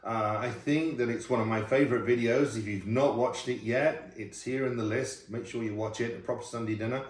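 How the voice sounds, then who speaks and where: A man's voice: mid-range voice, steady tone, a little fast. Chatty man in a roomy room. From United Kingdom. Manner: chatty, laughing, self-deprecating. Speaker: host, former royal chef. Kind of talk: casual Q&A chat. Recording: roomy sound from a distant mic.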